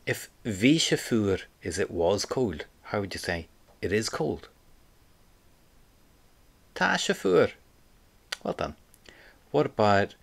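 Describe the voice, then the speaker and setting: A man's voice: on the low side, fairly bright tone. A man teaching an audio language lesson, patiently prompting the listener and repeating phrases for them to say back.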